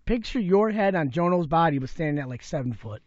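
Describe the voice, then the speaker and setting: A man's voice: a little high, expressive, a little fast, darkish tone, highs cut off. A man chatting as a podcast guest, swearing freely and telling a story with put-on voices. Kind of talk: casual podcast chat.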